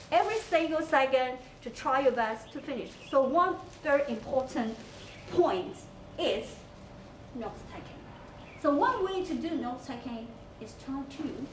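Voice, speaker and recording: A woman's voice: sits high, distant mic. A woman English teacher with a Hong Kong English accent, giving a class lesson on school TV. She explains step by step and spells words out letter by letter, with many fillers. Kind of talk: recorded class lesson on campus TV. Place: school room. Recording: echoey room, off-mic, faint hiss.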